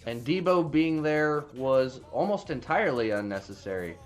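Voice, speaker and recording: A man's voice: mid-range voice, lively intonation, normal speed, faint music behind. A man casually recapping a movie plot, rambling with frequent restarts and plenty of swearing. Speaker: movie reviewer.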